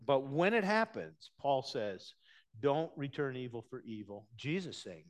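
Male pastor, mid-pitched voice, conversational sermon delivery with hushed and emphatic swings. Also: lively intonation, measured pace.

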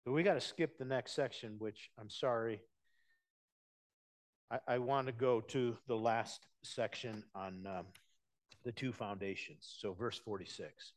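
Male pastor, mid-pitched voice, conversational sermon delivery with hushed and emphatic swings. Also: unhurried.

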